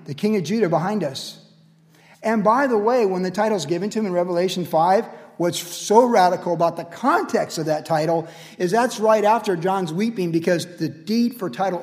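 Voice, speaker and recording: A man preaching a sermon as pastor, energetic and casual, building repeated refrains. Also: sits high, moderate pace. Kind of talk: radio sermon. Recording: long hall reverb.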